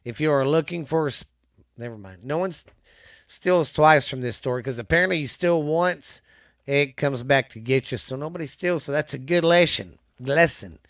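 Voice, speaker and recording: A man hosting a podcast, reading ghost stories aloud in a halting, casual way with many restarts. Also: fairly high pitch, a bit bright, dry recording, clean studio sound.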